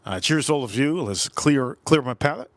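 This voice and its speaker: A man's voice: mid-range voice, expressive, moderate pace. A man hosting a live stream in a loose, repetitive, chatty way, calling out viewers' names one after another. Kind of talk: casual live stream chat.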